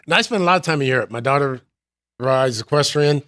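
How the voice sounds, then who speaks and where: A middle-aged man, a former ballplayer guest, telling relaxed stories and laughing easily. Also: medium pitch, quick pace, no room sound. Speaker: guest, former baseball player. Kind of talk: casual interview talk.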